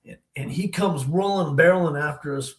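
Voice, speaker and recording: A man's voice: on the high side, normal speed, roomy sound, poor audio. A man from the Denver area telling a long story as an interview guest, in a loose, slangy way with lots of "man" and "you know". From Denver area, USA.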